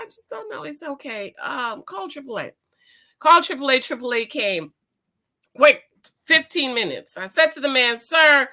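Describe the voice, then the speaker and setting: A woman's voice: sing-song, a little fast, bright, forceful tone. A middle-aged woman chatting casually with viewers, reading a news item aloud and telling a personal story, acting out the voices in it. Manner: chatty storyteller, acts out exchanges with rising pitch. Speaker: commentary vlogger.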